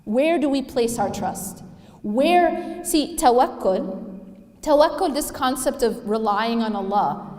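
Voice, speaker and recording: A woman's voice: fairly high pitch, expressive, slow pace, a little mellow. A woman giving a religious talk to a live audience, emphatic and asking them questions. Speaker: Islamic speaker. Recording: echoey hall with long reverb.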